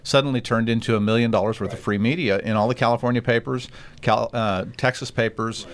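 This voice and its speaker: A man recounts events in a casual politics podcast, animated and quick to act out what others said. His voice sits at an ordinary middle pitch. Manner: animated storyteller, quotes people.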